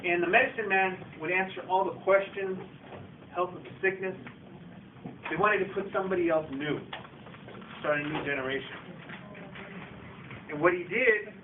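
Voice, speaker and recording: A man's voice: high voice, normal speed, long pauses. Man casually telling an oral folktale. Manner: casual, repetitive "he goes" narration addressing listeners. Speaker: storyteller. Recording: distant echoey tinny recording with faint noise.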